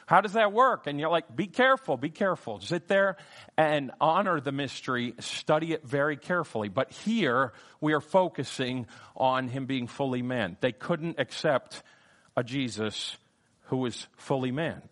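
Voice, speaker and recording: A man's voice: lively intonation, measured pace. A man teaching a sermon on scripture, emphatic and repetitive, swinging his voice up and down to stress key points. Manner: emphatic, repeats key phrases, wide swings in pitch and loudness. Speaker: preacher.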